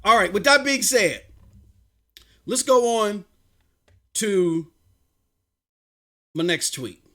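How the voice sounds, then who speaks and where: Male livestream host, animated and loud, high sharp voice. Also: takes it slowly. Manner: excitable, shouting bursts, mocking impressions. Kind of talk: animated live-stream gaming talk.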